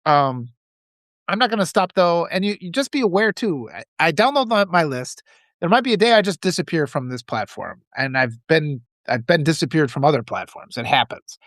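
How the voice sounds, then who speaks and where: A man's voice: a little high, big pitch swings, normal speed, a bit bright, no echo, clean studio sound. A man hosting a political livestream, reading viewer comments and ranting in a profane, riled-up way, with lots of restarts.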